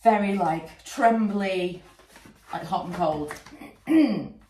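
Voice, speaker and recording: A woman's voice: mid-range voice, slow, long pauses, dark tone. A woman in her thirties, congested and sniffling from a cold, chatting casually and rambling with many fillers while she works at home. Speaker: vlogger and candle maker. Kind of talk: casual chat to camera. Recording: echoey room, mic a little far, noisy.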